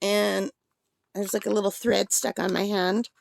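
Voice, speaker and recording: A woman's voice: medium pitch, steady tone, a little slow, gravelly. A woman chatting casually through an art supply unboxing, rambling with fillers while she has the hiccups.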